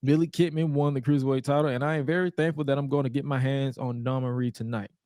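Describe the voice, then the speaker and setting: A man in his thirties co-hosting a podcast, telling stories in a casual, animated way, swearing freely and using lots of fillers. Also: medium pitch, fast, no room sound, clean studio sound. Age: 30s. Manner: animated, profane storytelling with many fillers. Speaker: podcast co-host. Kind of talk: casual chat.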